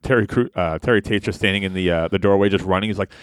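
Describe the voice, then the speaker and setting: A podcast co-host with a low, smooth voice chats casually and fast, animated, swearing, laughing often and doing loud impressions. The sound is studio quality with no echo.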